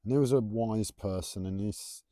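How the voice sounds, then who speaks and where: A man's voice: fairly low pitch, moderate pace, warm tone, no echo, studio quality. A man hosting a rambling solo livestream from home, waffling off on tangents and having trouble pronouncing his T's. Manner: wanders off on tangents, self-described waffling. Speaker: livestream host.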